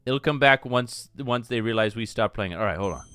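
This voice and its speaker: A man hosting a casual live stream, rambling and excitable with frequent swearing. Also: medium pitch, fairly quick, soft background music. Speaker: streamer host.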